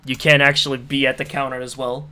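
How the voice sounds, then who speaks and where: A man's voice: mid-range voice, little pitch movement, fast talker, bright, forceful tone. A man running a tabletop game as game master, narrating with frequent restarts and fillers. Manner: hesitant, many restarts and fillers.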